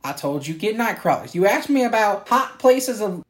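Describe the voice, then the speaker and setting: A woman playing a loud, cranky redneck cousin with a drawl, indignant and complaining in an improvised comedy sketch. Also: medium pitch, sing-song, normal speed, voice pushed up, natural voice. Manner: indignant, complaining, rising to shouts. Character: loud cranky redneck cousin, grown man, fishing expert.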